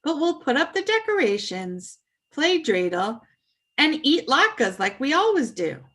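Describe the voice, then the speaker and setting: A woman's voice: high-pitched, big pitch swings, a little slow, fairly bright tone, voice pushed up, exaggerated voice. A woman voicing a kind father who reassures his daughter. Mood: reassuring.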